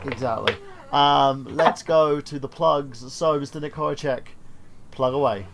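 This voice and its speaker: A man's voice: medium pitch, unhurried, creaky, fairly bright tone. A man co-hosting a podcast, moving the chat along with hesitant fillers. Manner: steering the talk, hesitant fillers. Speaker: podcast co-host. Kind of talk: casual chat.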